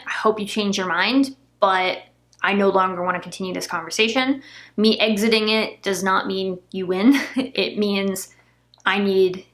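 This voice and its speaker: Young woman vlogger with a gravelly fry. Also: mid-range voice, a bit bright. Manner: emotional, recounting an argument, near tears at times. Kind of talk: candid personal vlog storytelling.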